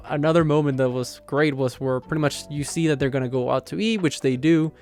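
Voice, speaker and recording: A man's voice: on the high side, fairly quick, few pauses, darkish tone, soft background music. A man casually recapping a manga chapter, rambling with lots of filler words and amused laughs. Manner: rambling, heavy on "like" and "you know" fillers; amused, laughs while retelling.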